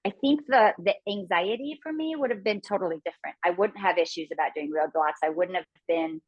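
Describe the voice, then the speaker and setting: A woman's voice: fairly low pitch, a little fast, dry recording, highs cut off. A woman in her fifties from Phoenix, a reality show contestant telling stories in a casual interview, laughing often and acting out quotes. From Phoenix, USA. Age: 50s. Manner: laughs often, animated storytelling with acted quotes.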